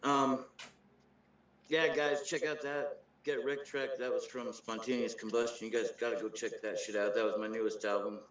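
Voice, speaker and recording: A man's voice: mid-range voice, little pitch movement, moderate pace, slight background noise. Laughing, profane man on a muffled echoey line. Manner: laughing, profane, self-promoting. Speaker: rapper guest. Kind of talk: casual podcast chat.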